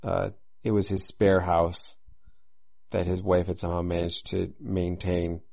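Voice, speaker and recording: A man talks through his tabletop game character, filling his explanations with "you know" and "uh". His voice is very deep and gravelly. The recording sounds dull and lo-fi. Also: level tone, unhurried, darkish tone. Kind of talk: casual chat.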